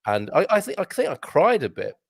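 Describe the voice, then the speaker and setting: A man's voice: on the high side, wildly swooping pitch, a little fast, vocal fry, no echo. Middle-aged guy rambling thru comments on a stream, lots of restarts, dry close sound. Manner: rambling, many restarts, chuckles. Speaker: co-host reading viewer comments. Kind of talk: casual chat on a live stream.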